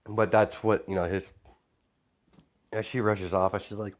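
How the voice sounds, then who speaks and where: A man's voice: fairly low pitch, fairly even intonation, moderate pace, long pauses. A man improvising a fan story as a storyteller, rambling with many fillers and self-corrections.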